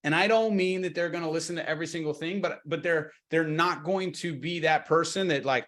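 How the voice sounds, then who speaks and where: A man's voice: fairly high pitch, a little fast, few pauses. A man giving a live sales training webinar, talking casually and acting out short exchanges between agent and client. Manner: energetic, conversational, acts out seller and agent lines. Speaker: real estate sales trainer.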